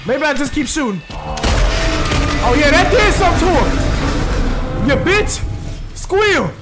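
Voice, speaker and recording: High-voiced excitable gamer man. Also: takes it slowly. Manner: excitable, profane, talks to the game and chat. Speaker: gaming streamer. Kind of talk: live gameplay commentary. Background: game music.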